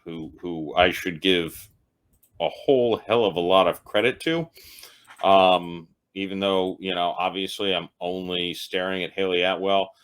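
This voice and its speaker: His voice is low and smooth, his pace unhurried. Tipsy from drinking, he hosts a casual comedic show ranking TV episodes, rambling loosely and making fun of himself.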